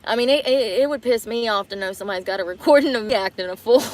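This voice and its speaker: A giggly woman rambles through a casual livestream, cursing freely and puffing from effort as she moves around a car. Her voice sits fairly high, with a faint hiss of noise behind her. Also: quick pace. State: out of breath from effort.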